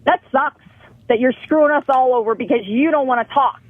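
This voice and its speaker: A woman caller on a talk radio show, her voice pitched high and sounding dry and close. She scolds and pleads with real passion, pressing her point without letting up. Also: fairly quick, dry recording, phone-quality sound. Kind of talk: heated call-in confrontation.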